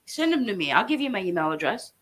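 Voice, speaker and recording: This woman, an online commentator, addresses her audience directly in an angry tirade, her medium-pitched voice very animated, quick, and slightly rough. Swearing throughout, she makes threats and stresses her points forcefully.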